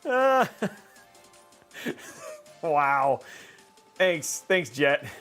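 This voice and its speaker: High-voiced man hosting a jokey stream. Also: very animated, extremely slow, a bit bright, soft background music. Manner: jokey and upbeat, rambling with fillers. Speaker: livestream host. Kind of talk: casual livestream chat.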